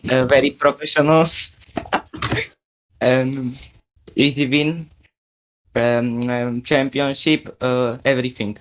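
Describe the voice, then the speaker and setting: A man answering over voice chat in short, halting phrases with many pauses. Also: medium pitch, flat delivery, fairly bright tone, muffled recording. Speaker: team member.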